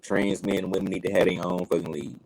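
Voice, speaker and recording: A young man with a very deep voice co-hosts a casual podcast. He is a little tipsy and speaks emphatically, with heated, profane opinions. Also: flat delivery, quick pace, darkish tone, rough recording. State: tipsy from drinking. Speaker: podcast co-host. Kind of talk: casual chat.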